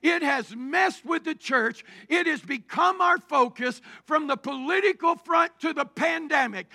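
Male pastor, gravelly, fervent shouting sermon, measured pace. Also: very high-pitched. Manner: preaching cadence, rising to shouts.

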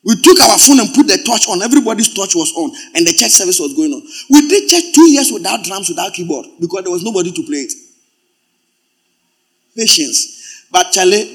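A man preaching a sermon as pastor, swinging from loud exclamations to quiet asides. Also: high-pitched, breathy edge.

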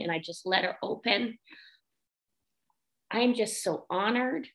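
A woman's voice: medium pitch, fairly bright tone, rough recording. A woman guest in a casual podcast interview, talking earnestly and telling a heartfelt story about her daughter.

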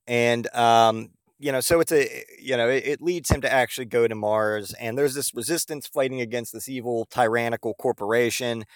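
A man spinning a comic tale on his podcast, rambling and swearing freely, with plenty of "uh" and "you know". His voice sits at an ordinary middle pitch. The sound is dry and close, with almost no room around it. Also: fairly even intonation, normal speed, few pauses, no echo. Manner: rambling, profane, lots of fillers. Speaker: podcast host. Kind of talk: casual comedic storytelling.

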